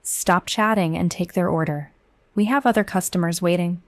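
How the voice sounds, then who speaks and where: A stern, bossy café manager who snaps out curt orders and scolds her staff, voiced by a woman. The voice sits low for a woman and is recorded close and dry, with no room sound. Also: moderate pace, no echo, natural voice. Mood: curt scolding.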